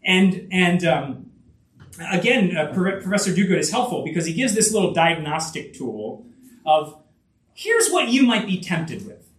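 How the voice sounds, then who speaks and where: Lively, high-voiced man preaching in an echoey room. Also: measured pace, recorded from a distance. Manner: repetitive, emphatic preaching with many fillers. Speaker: pastor. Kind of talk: sermon.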